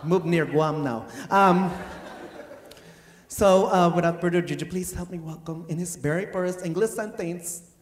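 Man doing a shrill Filipina teacher, Mrs. Scott. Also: unhurried. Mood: proud. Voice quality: clipped broken English. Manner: loud, scolding, excitable. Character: bossy Filipina woman English teacher, proud, scolding. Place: comedy stage before a live crowd. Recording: echoey live stage, loud audience laughter.

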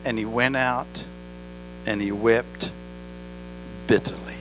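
A pastor with an accent preaching a sermon in church, talking directly to the congregation and asking them questions. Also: male voice, mid-range voice, steady tone, takes it slowly. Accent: non-native English accent. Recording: faint mains hum. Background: mains hum.

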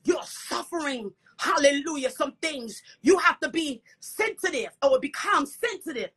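A woman's voice: high-pitched, animated, unhurried, a bit bright. A woman preaching a fervent sermon, punctuating her words with "come on" and "hallelujah" and dropping at times into whispered asides.

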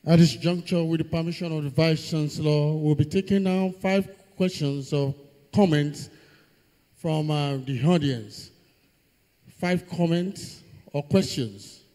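A man's voice: a little high, a little slow, dark tone. A man, the master of ceremonies, politely directing the audience in a formal manner. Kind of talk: formal event hosting. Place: large lecture hall. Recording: hall with long reverb.

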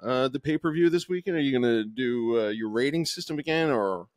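A man's voice: mid-range voice, expressive, fairly quick, no room sound, studio quality. A man co-hosting a podcast in casual chat, rambling with many fillers and restarts. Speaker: podcast co-host.

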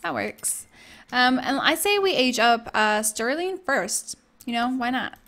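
A woman's voice: a little high, animated, unhurried, fairly bright tone. Bubbly young woman gushing over her game. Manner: bubbly, gushing, talks to her characters and viewers. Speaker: gaming YouTuber. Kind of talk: casual let's-play commentary.

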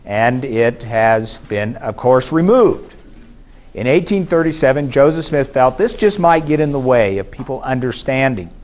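A man giving a measured, explanatory academic lecture at a conference, pausing now and then with fillers and restarts. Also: mid-range voice, lively intonation, a little mellow. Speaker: scholar giving a conference presentation. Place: conference hall.

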